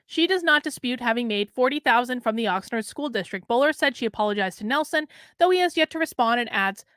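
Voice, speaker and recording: A woman hosts a commentary show, reading news items aloud and breaking off into sarcastic, scornful asides. Her voice sits a bit high, and she wanders through her points. The recording is dry and close. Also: lively intonation, fast talker, a bit bright, dry recording. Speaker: political commentary host.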